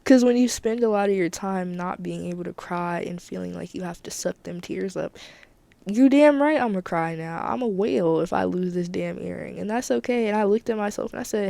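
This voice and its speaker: A woman's voice: medium pitch, brisk, vocal fry, warm tone. A woman hosting her own podcast, talking candidly and emphatically in a casual solo monologue, often repeating herself for emphasis. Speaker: podcast host.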